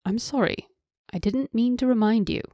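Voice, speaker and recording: Cautious noblewoman, reassuring manner, raised pitch, dry close sound, as a woman narrator puts her on. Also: normal speed, dark tone, no room sound, lightly acted. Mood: careful, reassuring. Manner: careful, reassuring. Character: cautious woman of high rank.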